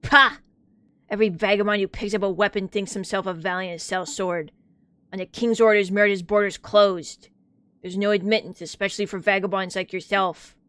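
Woman playing a stern, loud gate bookkeeper. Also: medium pitch, steady tone, moderate pace, clear, resonant tone, no echo, close to an everyday voice. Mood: scornful. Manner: curt, scornful, loud.

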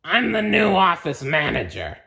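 A man's voice: a little high, huge pitch swings, measured pace, gravelly, bright, forceful tone, voice pushed up, exaggerated voice. Floz, a man voicing a stern monster office manager. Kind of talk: storybook read-aloud.

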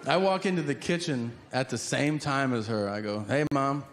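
Man, middle-aged, stand-up comedian, exasperated storytelling, medium pitch, noisy audience room. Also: lively intonation, moderate pace. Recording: noisy live comedy club.

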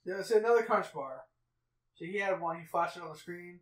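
A man's voice: sits high, a little fast, reverberant. A man co-hosting a riff track, trading wry jokes over a movie. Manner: wry, laughing banter. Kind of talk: casual joking movie commentary.

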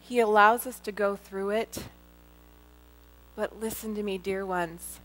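A woman's voice: mid-range voice, fairly even intonation, measured pace, pauses often, a little hiss or hum. A middle-aged woman giving a personal testimony talk to a live audience, earnest and heartfelt, speaking directly to her listeners as a Christian speaker.

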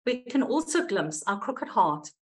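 A woman psychoanalyst reading a prepared paper aloud in a measured, wry, expressive way. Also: a little high, poor audio.

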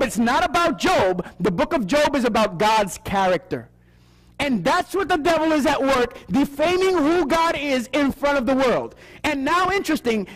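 Male seminar preacher, high and animated, asks the crowd questions, acts out the voices he quotes. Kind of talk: Bible prophecy sermon.

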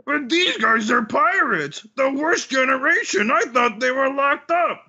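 A man voicing a panicked male pirate crewman who shouts his lines in a frantic rush. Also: medium pitch, big pitch swings, brisk, vocal fry, breathy edge, highs cut off, voice pushed up, full character voice.

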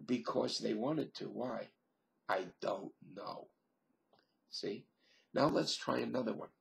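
A man talking slowly into his webcam at home, musing and thinking aloud with many pauses and fillers. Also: medium pitch, creaky. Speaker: vlogger. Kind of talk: rambling solo webcam monologue.

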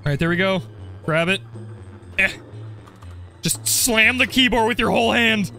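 A young man commenting on his game play, joking and getting excited as he goes. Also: high voice, normal speed, vocal fry, faint music behind. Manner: jokey, excitable, role-plays as the character. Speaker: gaming video creator.

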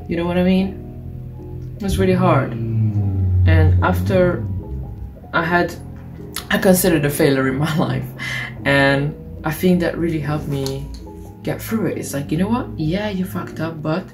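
A young woman, chatting casually and swearing playfully while doing her makeup on camera. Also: low voice. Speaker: beauty vlogger. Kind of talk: casual get-ready-with-me chat. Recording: music playing underneath. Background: background music.

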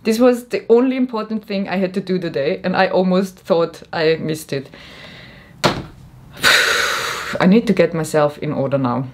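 A woman's voice: on the low side, moderate pace, pauses often, a little mellow, slight background noise. A young woman rambling in a comedic vlog, frazzled and worn out, self-mocking and giggly. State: frazzled and mentally tired. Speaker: vlogger.

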